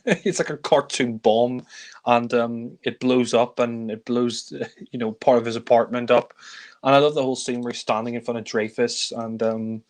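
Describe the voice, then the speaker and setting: A man chats through a film review in a loose, rambling way. He leans on fillers and laughs under his breath as he goes. His voice sits at an ordinary middle pitch. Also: steady tone, normal speed, darkish tone. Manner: rambling, full of fillers and chuckles. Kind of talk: casual film review chat.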